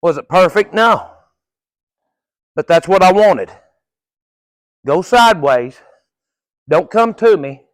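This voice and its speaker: A man's voice: high-pitched, expressive, slow pace, pauses often, dry recording. A middle-aged man working as a horse trainer, coaching viewers through a live training session in a folksy, casual way with the odd curse word.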